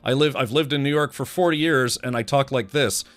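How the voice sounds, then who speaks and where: A man mimicking a bland, slow-talking 'New Yorker'. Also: mid-range voice, a bit bright, no echo, pitched above the performer's own voice, natural voice. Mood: mocking. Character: bland, flat-sounding man claiming to be a lifelong New Yorker.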